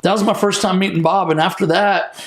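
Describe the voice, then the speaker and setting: A man, a minister, telling a personal testimony in an animated, casual interview, peppered with "like" and "you know.". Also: high-pitched, brisk, reverberant.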